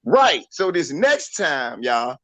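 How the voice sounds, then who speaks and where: A man tells a story on a studio talk show with casual, profane, animated energy. His voice sits a touch high and rings bright and forceful. The sound is dry and close, with no room around it. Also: slow, no room sound. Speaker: radio show co-host.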